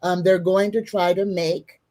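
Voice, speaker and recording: A woman's voice: on the low side, flat delivery, unhurried, mellow. A woman in a casual political chat on a video call, making folksy, earnest predictions.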